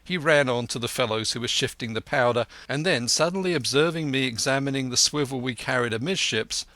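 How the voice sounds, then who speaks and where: A man narrating a classic adventure audiobook in measured storytelling, putting on a voice for each character. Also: medium pitch, bright, forceful tone, no room sound.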